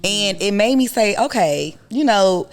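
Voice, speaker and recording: A woman counselor with a mid-range voice talks in a relaxed, colloquial way on a talk show. She speaks from her own experience and often quotes what her friends told her. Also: mid-range voice, measured pace. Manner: informal and colloquial, quoting friends. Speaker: licensed counselor, guest. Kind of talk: casual talk-show conversation.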